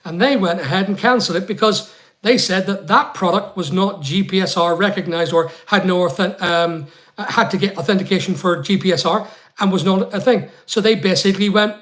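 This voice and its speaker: A middle-aged man from Scotland chatting live with viewers in a high-pitched voice. He talks bluntly, swears without a second thought and wanders off into asides before coming back to his point. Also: brisk, a bit bright. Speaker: live stream host. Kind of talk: casual live chat answering viewers.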